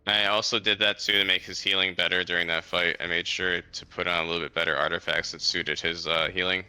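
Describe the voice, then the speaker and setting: A man's voice: low voice, flat delivery, fast talker, sharp tone, smooth, no room sound, soft background music. A young man in easygoing, chatty conversation, talking freely with fillers. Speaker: podcast co-host. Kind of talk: unscripted casual chat.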